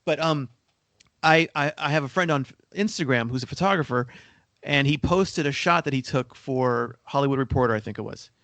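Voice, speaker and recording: A man's voice: mid-range voice, moderate pace, fairly bright tone, dry recording. A man co-hosting a podcast in casual discussion, rambling and restarting sentences, coughing now and then. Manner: rambling, repeats words when starting sentences. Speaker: podcast co-host.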